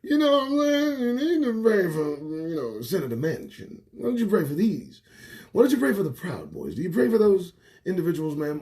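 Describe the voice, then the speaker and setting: A man hosting his own livestream show, ranting to camera with lots of swearing, jumping between loud outbursts and muttered asides, recorded indoors on a small home set. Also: a little high. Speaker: host. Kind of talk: profane political rant to camera. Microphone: phone or webcam livestream.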